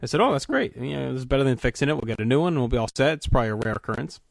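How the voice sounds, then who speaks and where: A man co-hosting a podcast, telling a long profane story as an animated rant in casual chat. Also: mid-range voice, racing, creaky, dry recording. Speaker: podcast co-host.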